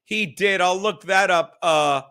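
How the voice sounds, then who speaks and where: A man's voice: sits high, unhurried, pushed and bright, clear, resonant tone. A man hosting a casual livestream chat, loose and profane, reading viewer comments aloud. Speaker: livestream podcast host.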